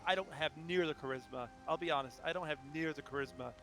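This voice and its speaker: A man chats with friends on a call, eager and talkative, walking through ideas step by step and repeating himself. His voice sits high and bright, with faint music behind it. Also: fast talker. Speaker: fellow streamer. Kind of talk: casual chat.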